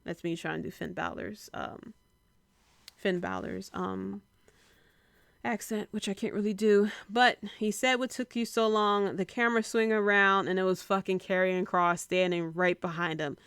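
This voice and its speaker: Woman with a very smooth, dry voice. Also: medium pitch, fairly even intonation, fairly bright tone, dry recording. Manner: rambling, with frequent filler pauses. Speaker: wrestling podcast host. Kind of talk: casual solo recap.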